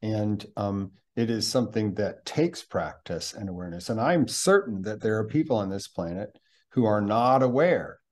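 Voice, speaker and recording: A man hosting a podcast interview, speaking in an animated, teacherly way about mindfulness and sometimes slipping into a guided-meditation delivery. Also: on the low side, normal speed.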